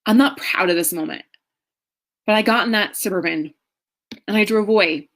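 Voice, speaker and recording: A middle-aged woman, a marriage coach, telling her own story in an earnest, emotional way with slow pauses. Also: medium pitch, a bit bright. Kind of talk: personal story talk.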